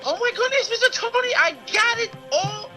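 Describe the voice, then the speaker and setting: A man doing an eager, very high-voiced news guy. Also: fairly quick, over loud music, rough recording. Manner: eager, addresses others as mister. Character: polite young male wrestling news reporter. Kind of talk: casual podcast segment.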